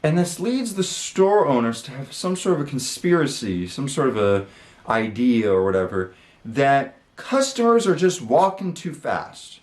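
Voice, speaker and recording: A man's voice: mid-range voice, big pitch swings, unhurried, a little mellow, roomy sound. A man hosting his channel, telling a story in a casual, rambling way, with lots of fillers and the odd swear word. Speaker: channel host. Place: his room.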